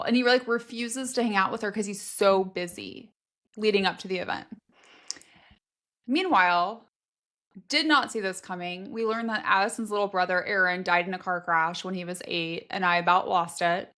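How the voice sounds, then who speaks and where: A woman's voice: medium pitch, a little fast, fairly bright tone. Candid woman podcast co-host. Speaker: podcast co-host, mother of boys. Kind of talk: casual book chat.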